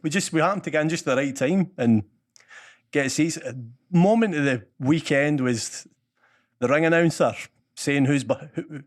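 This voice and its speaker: A Scottish man co-hosting a podcast in casual, sweary chat. He laughs often as he tells his stories, and his voice sits a little high for a man. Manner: sweary, laughs a lot while telling stories. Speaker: podcast co-host.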